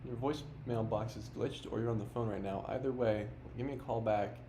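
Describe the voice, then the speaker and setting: A man's voice: on the low side, fairly even intonation, fairly quick, dark tone, slight background noise. Earnest, dogged male video narrator. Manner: earnest, dogged, a bit confrontational. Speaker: online investigator making phone calls. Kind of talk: vlog narration and phone calls.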